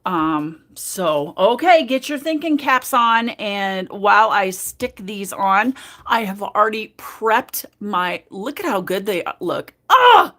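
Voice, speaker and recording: This is a woman chatting on a nail art livestream in an unhurried, drawn-out way. She is affectionate and loose with her viewers, and her talk is dotted with fillers while she works. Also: mid-range voice, lively intonation, a bit bright. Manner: chatty and affectionate, talks to chat, many fillers. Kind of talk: casual live-stream chat while doing nails.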